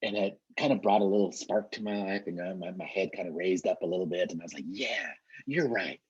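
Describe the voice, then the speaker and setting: Husky-voiced middle-aged man telling a story. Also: low voice, level tone, quick pace, a little mellow, dry recording. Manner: earnest, repeats and restarts words. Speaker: trainer. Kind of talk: motivational storytelling talk. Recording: dull, muffled lo-fi recording.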